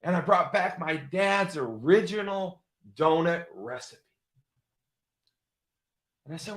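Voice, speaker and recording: A man in his sixties with a high voice tells a story as a show host, repeating phrases for emphasis. He breaks into loud, excited exclamations. The sound carries a roomy echo. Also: takes it slowly, pauses often. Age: 60s. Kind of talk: motivational storytelling talk.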